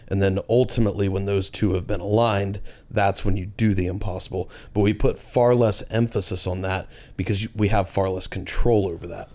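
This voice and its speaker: A man co-hosting a podcast talks through his ideas earnestly, in a casual, explanatory way. His voice sits low and stays fairly level in pitch. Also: darkish tone. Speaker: podcast co-host.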